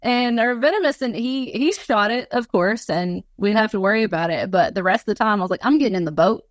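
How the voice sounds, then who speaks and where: A woman tells a long, rambling story as an interview guest, leaning on filler words as she goes. Her voice sits at an ordinary middle pitch. The sound is close and dry, with no room echo at all. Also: brisk. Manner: animated, rambling storyteller with many fillers and laughs.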